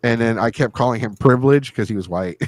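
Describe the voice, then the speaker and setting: A man hosting a podcast, telling stories in a crude, joking, animated way and laughing often. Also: medium pitch, fairly quick. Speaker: podcast host. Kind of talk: casual storytelling chat.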